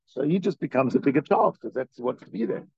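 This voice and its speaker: Lively, gravelly man teaching a class. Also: on the high side, fairly quick, no echo. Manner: talks straight to listeners with frequent questions. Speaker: teacher of a Jewish religious class. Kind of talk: conversational lecture with storytelling. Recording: dry, dull lo-fi recording.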